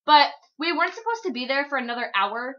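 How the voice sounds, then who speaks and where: A woman chatting casually on a podcast, giggling often and chiming in with quick reactions between her own stories. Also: sits high, very animated, dull audio, crowd noise. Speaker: podcast co-host. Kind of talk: casual chat.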